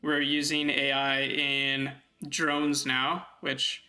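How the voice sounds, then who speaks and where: A man's voice: medium pitch, monotone, drawn-out words, sharp tone. A man talking through his ideas in an unscripted monologue, rambling with fillers and restarts and thinking aloud. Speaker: video essay host.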